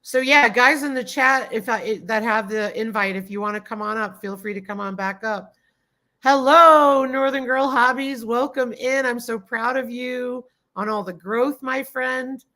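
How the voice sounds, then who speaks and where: A woman's voice: on the high side, steady tone, normal speed, few pauses, sharp tone. A woman hosting a casual live stream, greeting viewers by name, reading chat comments aloud and gushing with thanks. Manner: gushing and grateful toward viewers. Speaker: livestream host.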